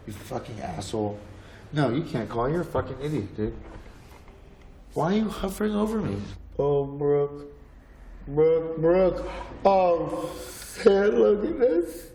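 This is a crude, abusive celebrity in a film scene, bossing and insulting the people around him. His voice is slightly high and his talk is erratic and vulgar. The recording is roomy, with faint background noise. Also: dark tone.

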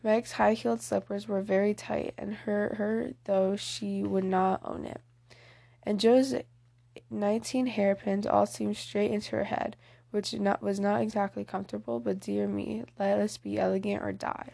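A woman's voice: mid-range voice, flat delivery, unhurried, vocal fry, warm tone. A woman reading a novel aloud as an audiobook, plainly, with small slips and restarts. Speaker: audiobook reader. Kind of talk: audiobook narration.

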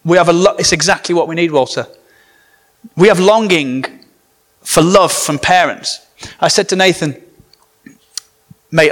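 Guy preaching, pretty high voice, chatty and jokey, tells stories. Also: a bit bright. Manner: conversational, jokey asides. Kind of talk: sermon with comic storytelling.

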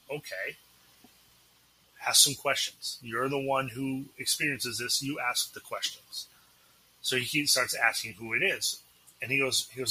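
A man's voice: mid-range voice, sharp tone, husky, low-quality recording. A man with a Massachusetts accent, a paranormal investigator, telling a story and acting out the dialogue as a podcast guest.

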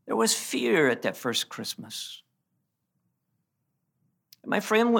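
A man preaching a sermon in an earnest way, often restarting and repeating words, and dropping low and quiet for emphasis. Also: sing-song, slow pace, gravelly, pauses often. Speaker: pastor.

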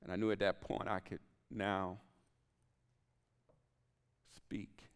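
A man's voice: on the low side, flat delivery, takes it slowly, clean tone. A man preaching a sermon as pastor, telling a personal story and dropping to whispered asides. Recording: long hall reverb.

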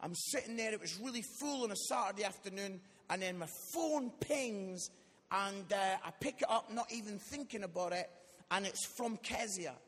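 Scottish man, forties, guest preacher, joking storytelling, high voice, recorded live in a church with long reverb. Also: moderate pace, a bit bright. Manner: jokey, tags lines with "yeah?", acts out quotes. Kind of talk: humorous storytelling sermon. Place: church hall, live audience.

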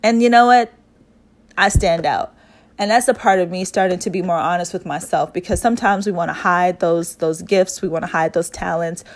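A woman's voice: lowish voice, a little fast, few pauses. Earnest woman in a reflective monologue. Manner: earnest, repeats phrases for emphasis, frequent fillers. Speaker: speaker sharing personal reflections.

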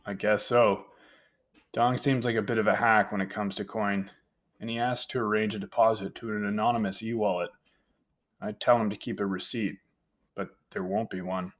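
A man's voice: fairly low pitch, steady tone, moderate pace, natural voice. A man voicing a wry, skeptical young male roommate with a dry, teasing delivery in an audiobook.

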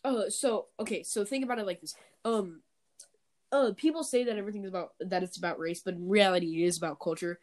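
A man's voice: high voice, fast. A man hosting a casual podcast chat, rambling and hesitant with many fillers, a bit stuffy-nosed. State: stuffy nose. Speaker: podcast host.

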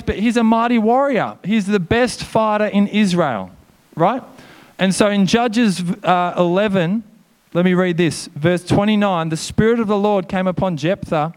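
A man delivers a sermon with a fairly high voice. He preaches with energy and a casual, chatty manner, dropping quick asides to the congregation. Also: clear, resonant tone. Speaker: pastor.

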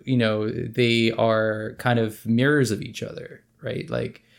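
A man with a gravelly, creaky voice chatting about a book, stopping and restarting as he hunts for words. His pitch stays in a normal middle range. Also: flat delivery. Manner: halting, many fillers. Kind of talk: casual book discussion.

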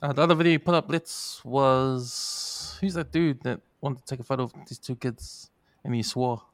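NZ co-host who leads the segments, chatty, dry close mic. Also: male voice, mid-range voice, normal speed, no room sound. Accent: New Zealand. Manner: chatty, steers the topics, laughs often. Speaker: podcast co-host. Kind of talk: casual chat.

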